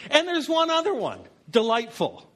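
Pastor, male, high voice, storytelling sermon with jokes at his own expense. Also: animated, normal speed, a bit bright. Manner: anecdotal storyteller with self-deprecating humor.

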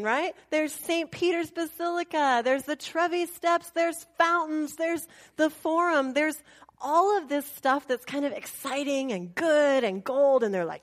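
Animated woman telling a story. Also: sits high. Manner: animated, laughing, mimics people, drops to soft asides. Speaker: speaker telling a travel story. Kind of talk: casual storytelling talk.

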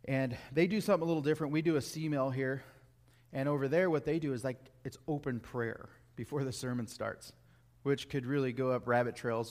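A man's voice: mid-range voice, darkish tone. A man, a youth pastor, preaching a sermon in an earnest, emphatic way, repeating key phrases.

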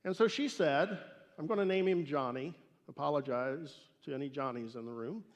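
A man preaching a sermon and telling a story, emphatic and swinging between loud declarations and hushed asides. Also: fairly high pitch, moderate pace, highs cut off. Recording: echoey hall reverb.

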